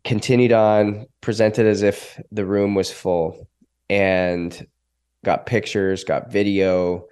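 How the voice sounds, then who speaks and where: A man's voice: fairly low pitch, takes it slowly, smooth. A man in his thirties, a podcast guest, telling a personal story with feeling and acting out the voices of others. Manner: emotional, animated storytelling with acted quotes. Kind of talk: storytelling in an interview.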